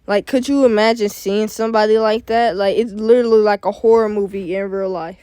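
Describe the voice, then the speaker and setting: A man's voice: sits high, fairly even intonation, a little fast, dark tone, clear, resonant tone, dry recording. A young man reacting to a sad news story in casual, slang-heavy talk, his voice cracking with sadness. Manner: slangy, emotional, repeats "bro" and "like". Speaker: reaction video host.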